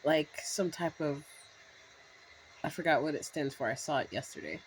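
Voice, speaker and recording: A woman's voice: deep voice, normal speed, slight background noise, rough recording. A woman in her thirties telling a rambling story to camera, full of fillers and restarts. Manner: breaks into laughs. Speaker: vlogger. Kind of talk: casual storytelling monologue.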